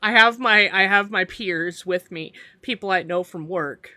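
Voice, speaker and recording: A woman's voice: mid-range voice, measured pace, bright, forceful tone, no echo, clean studio sound. A woman co-hosting a paranormal podcast in casual chat, laughing through her words as she talks. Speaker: podcast co-host.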